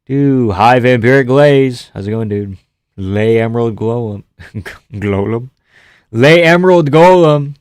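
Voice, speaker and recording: A man's voice: medium pitch, fairly even intonation, unhurried, darkish tone, smooth, no room sound, studio quality. A man hosting a casual livestream, rambling, swearing and reading viewer comments aloud. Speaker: livestream host.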